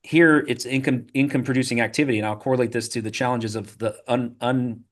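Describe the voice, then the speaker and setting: A man, a podcast guest, telling animated stories in a casual interview, full of restarts and repeated "right?" tags. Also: mid-range voice. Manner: rapid, animated storytelling with frequent "right?" and filler restarts.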